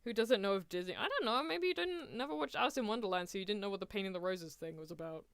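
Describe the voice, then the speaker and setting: Young woman, giggly reaction streamer, lively pitch, smooth clear voice, dry close sound. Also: quick pace, no echo. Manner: giggly, chatty, laughs often. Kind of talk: casual reaction stream chat.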